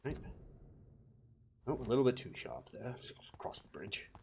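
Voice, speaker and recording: Gravelly, animated male game streamer. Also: medium pitch, normal speed, slight background noise. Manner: animated, swears and yells lines at game enemies. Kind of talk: live game streaming commentary.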